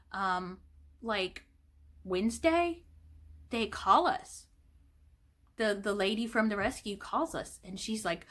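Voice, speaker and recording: Slow, emotional woman telling a story. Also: mid-range voice, fairly bright tone. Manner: slow, emotional, rambling with fillers and restarts. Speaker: vlogger. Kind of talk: personal storytelling.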